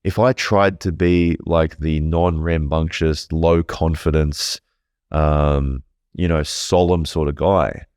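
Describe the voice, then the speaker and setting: Very deep-voiced man, swearing freely. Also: steady tone, takes it slowly, darkish tone, clean tone, no room sound, studio quality. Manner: swears freely, rambling and candid. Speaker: podcast guest. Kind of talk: casual storytelling.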